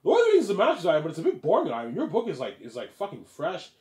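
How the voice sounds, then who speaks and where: A gushing male fan, put on by a man, pours out profane praise in a raised, excited voice. He talks fast. Echoey room. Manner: gushing, profane, higher and louder.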